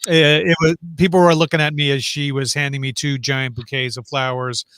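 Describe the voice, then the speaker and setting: A man hosting a casual chat, relaxed and halting, reading viewer questions. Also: medium pitch, clean tone, no room sound. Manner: relaxed, halting, with many fillers. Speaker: host.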